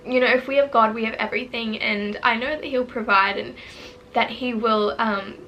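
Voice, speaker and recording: A woman's voice: a little high, steady tone, moderate pace, pushed and bright, soft background music, rough recording. A young woman in her twenties, earnest and teary, talking about her life in a rambling, heartfelt personal vlog. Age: 20s. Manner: earnest, tearful, rambling with many fillers. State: teary and emotional. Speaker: vlogger. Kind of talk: emotional personal vlog to camera. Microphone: camera mic, sitting close.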